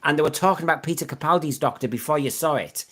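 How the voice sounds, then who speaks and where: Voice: medium pitch, fast talker, slightly rough. A podcast host going through the news in a rambling, chatty way, full of fillers. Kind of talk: casual news chat.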